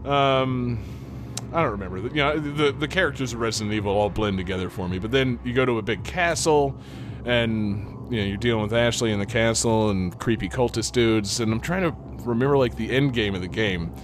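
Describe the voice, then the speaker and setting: A man's voice: mid-range voice, fairly quick, background noise. A man co-hosting a podcast, chatting casually about a video game in a rambling way, with lots of fillers and laughter. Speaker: podcast co-host.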